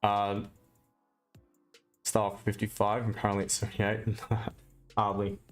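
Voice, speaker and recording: A man's voice: on the low side, completely flat delivery, a little slow, soft background music. A man with an Australian accent, chatting casually and bluntly on a live trading stream, ranting with mild swearing.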